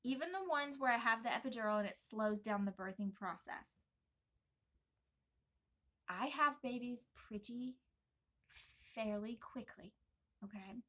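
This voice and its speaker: A young woman vlogging casually, talking in an emphatic, chatty and animated way. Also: a little high, unhurried, pauses often. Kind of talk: casual pregnancy vlog talk.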